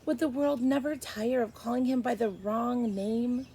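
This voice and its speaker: A woman teacher reading a chapter book aloud to first graders, expressive and stopping to explain. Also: fairly high pitch, unhurried, breathy edge, low-quality recording. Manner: expressive, stops to explain to kids.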